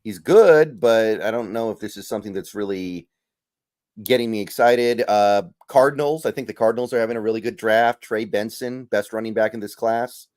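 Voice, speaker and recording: A man's voice: lowish voice, moderate pace, a little mellow, dry recording, clean studio sound. A man hosting a casual podcast, easygoing and thinking aloud with trailing fillers as he runs through picks. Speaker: podcast host.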